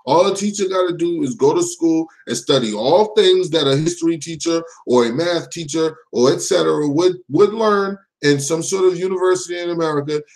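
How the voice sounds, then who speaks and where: Guy hosting a call-in show, fired up, swearing a lot, kinda high voice. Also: low-quality recording. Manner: profane, heated ranting. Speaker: show host. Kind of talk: live call-in show commentary.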